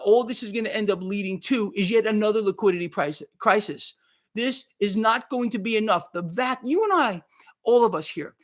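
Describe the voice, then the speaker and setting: A man's voice: high voice, a bit bright. Fired-up man ranting on a livestream. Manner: fired-up ranting, repeats himself, thanks chat viewers by name. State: worked up and sweating. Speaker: market commentary livestream host. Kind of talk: heated livestream monologue.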